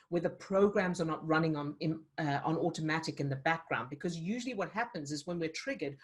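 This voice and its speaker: A woman coaching a live online session, talking earnestly and encouragingly, with frequent restarts. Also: fairly low pitch. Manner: earnest, encouraging, many restarts and "you know". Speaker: emotional fitness coach. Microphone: video call.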